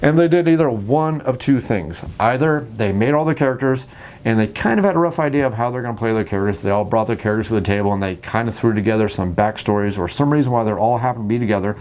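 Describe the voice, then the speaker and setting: Guy rattling fast through tabletop game talk, jokey, acts out his players. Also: mid-range voice, darkish tone. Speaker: host. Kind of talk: casual talk about tabletop games.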